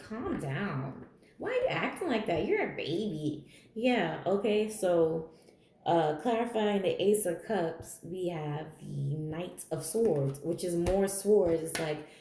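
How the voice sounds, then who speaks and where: A woman's voice: medium pitch, mellow, echoey room. A woman giving a general tarot reading in a blunt, candid, chatty way, swearing freely and laughing as she talks. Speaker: tarot reader.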